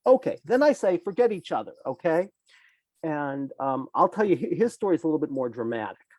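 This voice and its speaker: A man's voice: fairly high pitch, sing-song, brisk, darkish tone, dry recording. An older man, a psychologist guest, telling a case story in conversation and acting out his clients' lines with animation.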